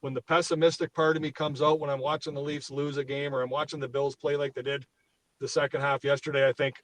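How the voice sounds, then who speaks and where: A man co-hosting a sports podcast in a fired-up rant. His voice sits a little high and he curses freely. He keeps pushing his point hard. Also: level tone, brisk, fairly bright tone, dry recording, poor audio. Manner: fired up, swears freely, ranting. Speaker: podcast co-host. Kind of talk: heated sports talk.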